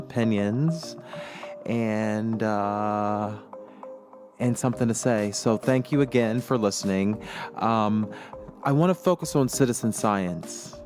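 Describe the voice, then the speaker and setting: A man hosting his own podcast in a casual, reflective solo talk, with plenty of ums and uhs. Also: on the low side. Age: adult. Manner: slow, reflective, with many fillers. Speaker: podcast host.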